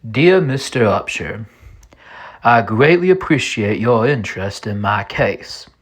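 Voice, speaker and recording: A man's voice: fairly low pitch, animated, a little slow. A man putting on a pleading Texan pizzeria owner. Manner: earnest, pleading letter reading with hesitations. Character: worried male pizzeria owner pleading for help.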